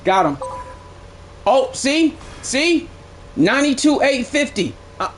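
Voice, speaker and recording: A man's voice: very high-pitched, big pitch swings, slow pace, long pauses. A young man streaming a game live, giving blunt, profane play-by-play commentary that swings into aggravation. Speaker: gaming streamer.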